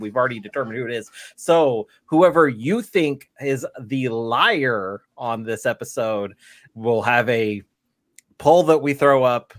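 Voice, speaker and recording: Male podcast host, rambling and giggly, unhurried delivery, dry close sound. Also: medium pitch, dry recording. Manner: rambling, laughs through his words. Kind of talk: casual chat.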